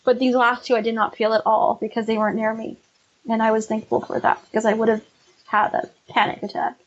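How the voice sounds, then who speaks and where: A woman's voice: a little high, little pitch movement, a little fast, highs cut off. A woman co-hosting a casual podcast chat, earnest and a little anxious. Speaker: podcast co-host.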